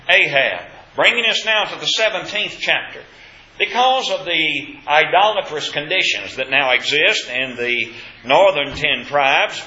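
A man's voice: a little high, sharp tone. A man teaching a Bible class, asking questions of the group and stressing key points with emphasis. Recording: echoey, dull room recording.

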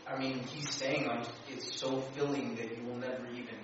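Man, class participant, flat voice, thinking aloud, far from the mic, very echoey. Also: medium pitch, moderate pace, lo-fi sound, background noise. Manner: thinks aloud with restarts and fillers. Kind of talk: group discussion comment. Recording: distant echoey room mic.

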